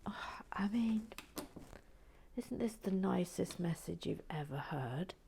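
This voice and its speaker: A woman hosting her channel in relaxed, playful chat, often dropping into whispered asides and stammering restarts. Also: lowish voice, slow pace, creaky, slight background noise. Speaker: channel host building and reviewing brick sets. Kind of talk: relaxed casual chat to viewers.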